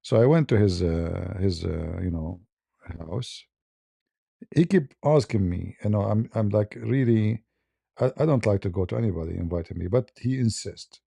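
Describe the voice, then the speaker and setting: Gravelly dark-voiced man chuckling through a story. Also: on the low side, expressive, normal speed, no echo. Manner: chuckling, broken English, many restarts. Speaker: host. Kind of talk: casual storytelling on a live stream.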